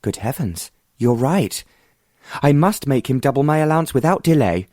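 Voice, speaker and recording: A man voicing a bold, determined young woman who speaks frankly and confidingly, in a mid-pitched voice with little room sound. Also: big pitch swings, normal speed, a little mellow, no echo, studio quality, natural voice.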